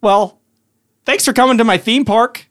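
A man's voice: very high voice, moderate pace, fairly bright tone, voice pushed up. A man voicing a breezy, easily flustered gnome sorcerer who runs a theme park.

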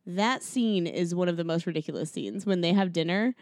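A woman, co-host of a podcast, recapping a movie in casual chat, telling it with lively storytelling and many "like"s. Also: on the low side, a little fast, dry recording, studio quality. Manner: animated storyteller, heavy use of "like".

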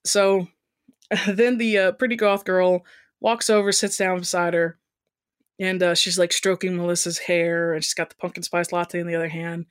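A woman's voice: lowish voice, little pitch movement, moderate pace, clean tone, no room sound, clean studio sound. A woman co-hosting a casual comedic review, reading excerpts aloud and giggling between quips. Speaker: podcast co-host. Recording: home recording with thumping from upstairs.

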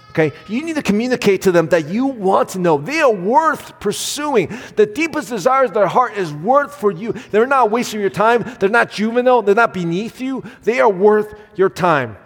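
Earnest male pastor, higher-pitched voice, preaching with lively swings in loudness, long hall reverb. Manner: earnest, swings between loud emphasis and soft acted quotes. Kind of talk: sermon.

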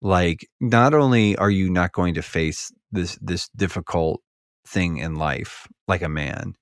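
Deep-voiced man, rambling podcast talk. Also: a little slow, no echo, studio quality. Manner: rambling, heavy on filler words, gets heated. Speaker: podcast speaker. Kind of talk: casual podcast conversation.

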